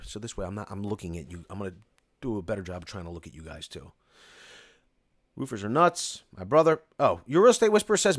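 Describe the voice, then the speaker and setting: A man's voice: medium pitch, no echo, studio quality. A middle-aged man with a Philadelphia accent, hosting a casual live Q&A and chatting in a rambling way as he reads viewer comments. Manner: rambling, restarts often, reads comments aloud. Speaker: construction company host answering viewer questions. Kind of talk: casual live-stream Q&A chat.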